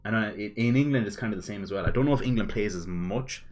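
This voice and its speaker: A man's voice: fairly low pitch, quick pace. A young Irish man giving casual commentary on chat logs, swearing freely and laughing often, with blunt asides. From Ireland.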